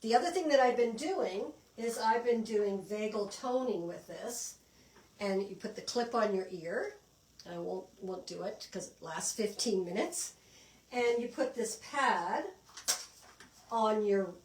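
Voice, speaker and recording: A woman's voice: medium pitch, darkish tone, reverberant, far from the mic, poor audio. A middle-aged woman from Canada leading a participatory wellness class, chatty and encouraging, often restarting her sentences. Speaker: wellness instructor.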